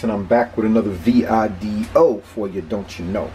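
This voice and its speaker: A man's voice: on the low side, moderate pace, few pauses, slight background noise, poor audio. A man with a Philadelphia accent, talking casually and repeating himself as he cooks on his own video. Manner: laid-back, chatty, repeats himself. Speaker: cooking vlogger. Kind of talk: casual cooking vlog.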